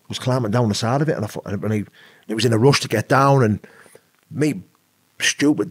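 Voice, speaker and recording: A British man, an adult with an eleven-year-old son, rambles casually through a personal story as a podcast guest, often saying "you know what I mean." His voice is fairly low with a breathy edge, and there's no room sound.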